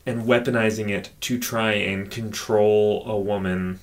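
A man in casual conversation, picking apart a film with an animated, profane delivery that slows down to stress key points. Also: lowish voice. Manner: animated, profane, drawn-out emphasis.

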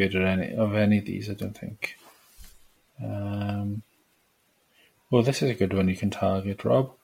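Low gravelly dude co-hosting, husky voice, easygoing quiz vibe. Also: male voice. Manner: relaxed quiz-style prompting. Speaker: podcast co-host. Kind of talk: casual chat.

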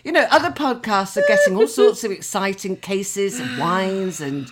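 A woman's voice: mid-range voice, sing-song, moderate pace. An older woman co-hosting a podcast, chatting casually and telling stories with frequent laughter and acted-out thoughts. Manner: chatty storyteller, laughs often, acts out her own thoughts. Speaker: podcast co-host. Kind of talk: casual chat.

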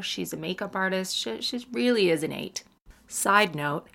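A woman in her thirties hosts a podcast in a low, gravelly voice. She speaks with a General American accent in a loose, chatty way. She keeps slipping in quick jokes at her own expense. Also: a bit bright. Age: 30s. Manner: chatty, self-mocking, quick asides. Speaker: podcast host and comedian. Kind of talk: casual podcast chat.

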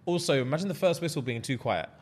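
Casting: young bloke, husky voice, swings his pitch all over while spinning a yarn on a podcast. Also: lively intonation, fast talker, darkish tone. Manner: slangy, swears freely, laughs often. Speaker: podcast co-host. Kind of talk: casual chat, animated storytelling.

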